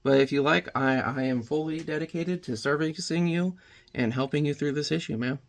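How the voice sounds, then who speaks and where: A man's voice: on the high side, normal speed, creaky. A man putting on a prim, polite store clerk. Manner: soft, stiffly courteous service voice. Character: overly polite male store clerk, formal and eager.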